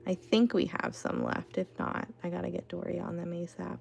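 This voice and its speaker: A woman with a low, gravelly voice hosts an art livestream from home. She talks in a loose, chatty way, full of "like" and "you know". Faint music plays softly behind her. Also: little pitch movement, normal speed, hardly any pauses. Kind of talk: casual livestream chat.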